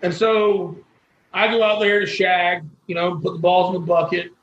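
A high-voiced man telling a story. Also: flat delivery, normal speed, a bit bright, roomy sound, dull audio. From Florida. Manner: folksy and earnest, with quoted dialogue. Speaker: guest. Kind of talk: storytelling interview.

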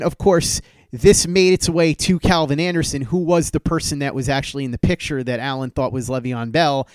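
A man's voice: a little high, normal speed, clear, resonant tone, dry recording. A man hosting a podcast, telling a story casually and acting out the exchanges he quotes with a livelier voice. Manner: animated retelling, acts out quoted texts with raised voice. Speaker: podcast host.

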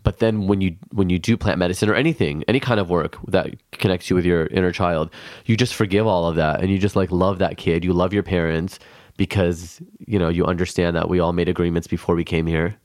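A man's voice: sits low, steady tone, a little fast, darkish tone, no room sound, studio quality. A man from Los Angeles, a podcast guest, talking casually and earnestly with lots of fillers.

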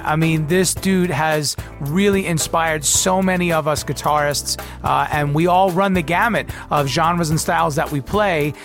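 A man hosts a podcast and gives listeners some background, relaxed and conversational, with informal slang. His voice is notably high for a man, and faint music plays beneath him. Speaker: podcast host. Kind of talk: solo explanatory narration.

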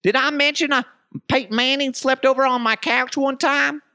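A man putting on a boastful male sportscaster who brags nonstop about his famous friends, in a gushing, high-pitched voice. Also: steady tone, normal speed, pushed and bright, clean tone, dry recording, clean studio sound, full character voice. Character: boastful adult male sportscaster, giddy name-dropper.

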